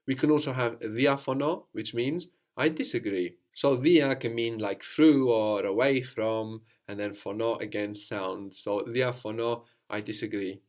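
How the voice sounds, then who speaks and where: A man's voice: mid-range voice, unhurried, few pauses. A man teaching a language lesson, patiently asking questions and often ending with "no?".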